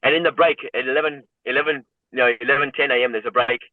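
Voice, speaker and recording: A man in his fifties tells his stories with open emotion, sprinkling "you know" through his sentences. His voice sits at an ordinary pitch. It comes through a thin, phone-like line with a dry, close sound. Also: fast talker, dry recording. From South Africa. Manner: emotional, animated storyteller leaning on "you know". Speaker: guest. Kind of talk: personal storytelling in an interview.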